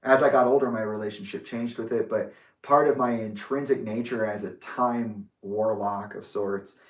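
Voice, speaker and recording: A man's voice: lowish voice, fairly even intonation, normal speed. A young man speaking in a rambling, candid personal monologue, with restarts and the odd swear word. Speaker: vlogger. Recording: roomy echo, distant from the mic.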